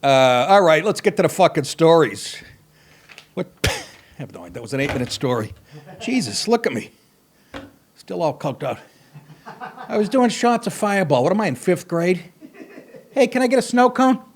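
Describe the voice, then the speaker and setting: A man's voice: on the high side, sing-song, moderate pace, pauses often, a little hiss or hum. Profane, rambling male podcast host. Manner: rambling, swearing, self-mocking storytelling; wry asides, breaks into laughter. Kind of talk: profane comedic monologue.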